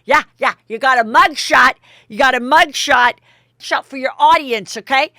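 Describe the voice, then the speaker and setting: A woman doing an impression of a drunk, brash woman hostess who shouts her taunts. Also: high voice, lively intonation, moderate pace, vocal fry, no room sound, studio quality, voice pushed up, exaggerated voice. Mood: taunting.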